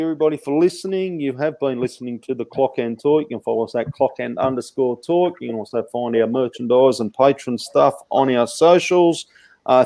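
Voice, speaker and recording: Male podcast host, mid-pitched, relaxed and loose, dry close sound. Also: no room sound. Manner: laid-back, laughs easily, swears casually. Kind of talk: casual chat, signing off the show.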